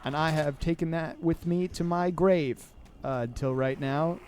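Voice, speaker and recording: A man's voice: on the high side, steady tone, unhurried, a little mellow, slight background noise. Rambling young man chatting while gaming. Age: 20s. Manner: rambling, sarcastic and self-deprecating. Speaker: podcast host.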